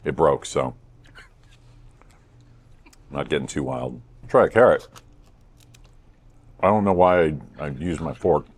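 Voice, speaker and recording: Jokey low-voiced man reviewing food. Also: takes it slowly, long pauses. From United States. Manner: playful, self-mocking, deadpan jokes. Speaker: host. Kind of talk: casual food review vlog.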